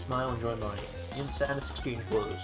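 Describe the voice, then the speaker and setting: A woman's voice: extremely low pitch, steady tone, brisk. A woman streaming a story game, reacting emotionally and reading the text aloud. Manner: emotional, exclaiming and laughing at the story. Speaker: gaming streamer. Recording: clear game music behind. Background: game music.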